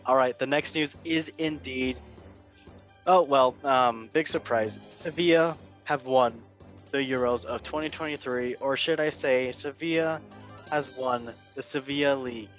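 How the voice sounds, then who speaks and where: A man's voice: medium pitch, fairly even intonation, measured pace, soft background music. A man hosting a casual football news show, chatty and joking. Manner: joking, chatty, laughs at own lines. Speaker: podcast host.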